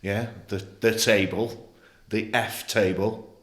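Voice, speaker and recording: A middle-aged man from England, formerly a footballer, speaks at a slow pace with a steady tone, his voice on the low side. A guest in a podcast studio with a roomy sound, he relates his personal story bluntly and emotionally while swearing freely.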